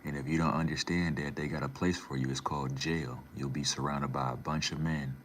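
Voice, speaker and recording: A man's voice: very deep voice, fairly even intonation, a little fast, slight background noise. A man casually reading and answering his live chat, laid-back and slangy, calling viewers man and bro.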